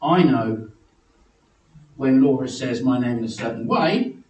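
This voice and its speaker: A man preaching a sermon in a church, animated, acting out figures from the story in high excited voices. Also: unhurried, echoey room, distant mic, rough recording.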